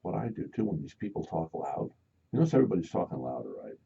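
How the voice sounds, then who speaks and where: A man hosting a live radio talk show, telling stories in a casual, animated way and acting out the voices of the people in them. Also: deep voice, quick pace, creaky, breathy edge. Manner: animated storyteller, acts out loud voices. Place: radio studio. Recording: dull lo-fi radio broadcast.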